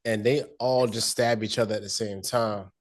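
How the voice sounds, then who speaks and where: A man's voice: fairly low pitch, steady tone, normal speed. A man co-hosting a casual chat who jokes, laughs often and quotes characters in slang. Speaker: podcast co-host.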